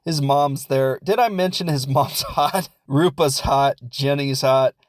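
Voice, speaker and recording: A man's voice: medium pitch, measured pace, no echo. Midwestern american guy rambling thru a movie recap on his podcast, jokey, dry close mic. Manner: rambling, jokey, self-deprecating. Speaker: podcast host. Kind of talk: casual comedic film recap.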